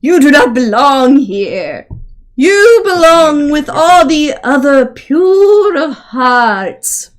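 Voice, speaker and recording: A woman putting on a grand, earnest talking horse for a tabletop game. He speaks in a slow, solemn way, pitched a touch higher than an everyday voice. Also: big pitch swings, exaggerated voice.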